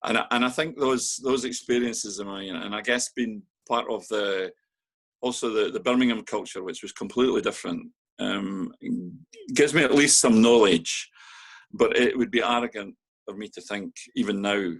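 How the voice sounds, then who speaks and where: An older man, a council chief executive, talking in a casual interview with many pauses, fillers and restarts. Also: lowish voice, fairly bright tone, husky.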